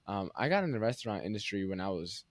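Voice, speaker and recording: A man's voice: lowish voice, very animated, fast, no room sound. A young man hosting a casual interview, talking loosely with many fillers into a close mic. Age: young adult. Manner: loose, filler-heavy, says "like" often. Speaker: podcast host.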